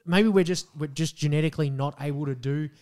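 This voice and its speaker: An Australian man co-hosting a podcast, chatting casually, blunt and animated, swearing often. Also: on the high side, fast. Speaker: podcast co-host. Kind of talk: casual chat.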